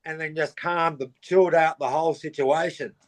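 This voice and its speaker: A middle-aged Australian man with a fairly high voice, swapping surf-trip stories in a relaxed chat. He gets animated as he goes and mimics the people in his tales with quick bursts of character voices. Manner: animated, acts out quoted voices in his anecdotes. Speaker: podcast guest. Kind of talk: casual storytelling.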